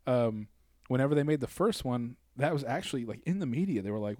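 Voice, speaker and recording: A man talking in a loose comedy chat, arguing his point and laughing along with the others. His voice is mid-pitched and ordinary. The recording is dry and close. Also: lively intonation, a little fast, warm tone, no room sound.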